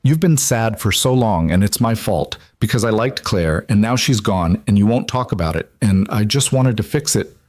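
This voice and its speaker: A man's voice: fairly low pitch, animated, normal speed, hardly any pauses, a little mellow, dry recording, clean studio sound, close to an everyday voice. A man voicing a tearful seven-year-old girl in a storybook, pleading in breathless run-on sentences.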